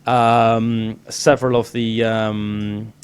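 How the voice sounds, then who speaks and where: A young Englishman co-hosting a podcast in casual, animated chat, often slipping into put-on voices. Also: fairly low pitch, very slow, smooth. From England. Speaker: podcast co-host.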